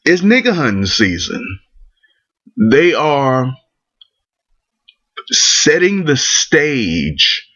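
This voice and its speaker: A man's voice: mid-range voice, very animated, drawn-out words, long pauses, sharp tone. A man ranting in commentary, blunt and profane, restarting his sentences often. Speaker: vlogger. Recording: dull lo-fi recording.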